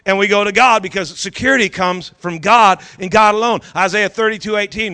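A man's voice: high-pitched, brisk, few pauses, pushed and bright. A man preaching a sermon as pastor to a congregation, fervent and urging, repeating phrases for emphasis.

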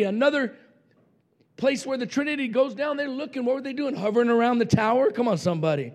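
Middle-aged man, fiery revival preacher; high gravelly voice, pushes the crowd to shout back. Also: lively intonation, quick pace. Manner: impassioned, shouting, calls for congregation response. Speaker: pastor. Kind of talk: revival sermon.

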